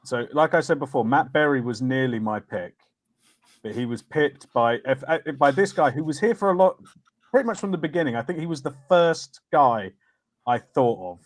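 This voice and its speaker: A man's voice: medium pitch, expressive, moderate pace, dry recording. A man co-hosting a casual film podcast, enthusiastic and fond of acting out quotes. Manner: enthusiastic, acts out quotes in silly voices. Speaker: podcast co-host.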